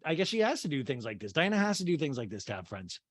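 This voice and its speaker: A man's voice: on the high side, big pitch swings, fast talker, dry recording. A man hosting a comedy podcast, recapping a TV show in a chatty, sarcastic way. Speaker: podcast host.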